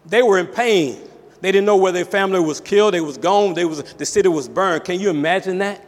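A male pastor preaching a sermon with emphatic call-outs, his voice sometimes rising to a shout. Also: high voice, brisk, long reverb tail.

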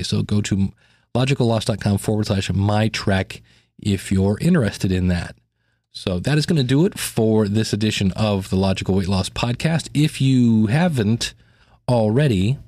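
A man's voice: fairly low pitch, moderate pace, a little mellow, no room sound, clean studio sound. A man hosting a podcast, talking through a gadget review in a casual, chatty way with fillers and restarts. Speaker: podcast host.

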